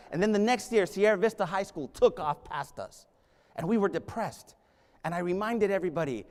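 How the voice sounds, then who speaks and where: A middle-aged man, a native Spanish speaker, giving a lively keynote speech as a school leader, telling stories and rallying the crowd. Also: sits high. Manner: animated, rallying the crowd, storytelling. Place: large conference hall. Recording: echoing hall reverb.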